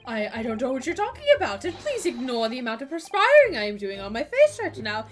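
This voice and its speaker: Brief: woman voicing a jittery sweating Irish witness, raised and loud. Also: sits high, huge pitch swings, fast, soft background music. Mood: flustered. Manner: flustered, stammering. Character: nervous sweating man witness with Irish lilt.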